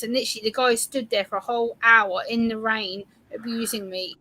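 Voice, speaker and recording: A woman guest in a casual chat, telling stories in a lively way and acting out what people said. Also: a little high, brisk, low-quality recording. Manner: lively storyteller, acts out quotes.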